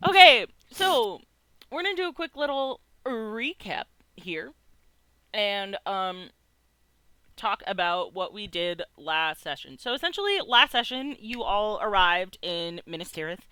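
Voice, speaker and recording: Bright, crisp game master. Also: mid-range voice, animated, a little slow, no echo. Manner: casual, filler-heavy talk. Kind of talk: casual chat and session recap.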